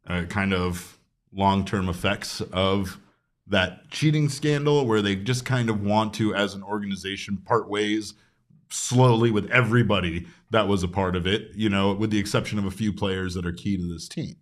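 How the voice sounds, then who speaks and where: A young man hosting a sports talk stream with a somewhat low voice. He is loose and irreverent, tossing in jokes and the odd swear word while he lays out the news. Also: normal speed. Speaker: sports talk show host.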